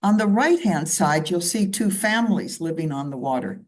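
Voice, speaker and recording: A woman's voice: sits low, fairly quick, few pauses, a little mellow. A woman from Canada speaking at a club meeting, walking listeners through her slides in a conversational way with asides. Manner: conversational, with asides and side remarks. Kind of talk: slide presentation talk.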